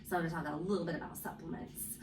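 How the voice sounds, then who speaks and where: A woman's voice: low voice, fairly even intonation, very fast, darkish tone, slight background noise. A woman co-hosting a podcast in casual chat, rambling with many fillers. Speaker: podcast co-host. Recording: echoey room, far from mic.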